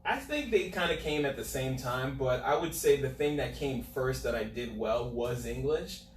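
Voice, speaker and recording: A man's voice: medium pitch, moderate pace. Podcast guest, a Florida man, chatty and profane, echoey room, distant mic. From USA, Florida. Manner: swears freely, laughs often, animated storytelling. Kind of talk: casual chat.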